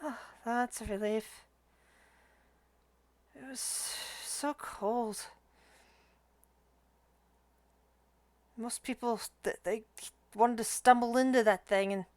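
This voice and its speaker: A woman voicing the ghost of a male soldier who talks softly and haltingly. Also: on the high side, fairly even intonation, clear, resonant tone, natural voice. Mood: weary. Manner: hesitant, soft, halting.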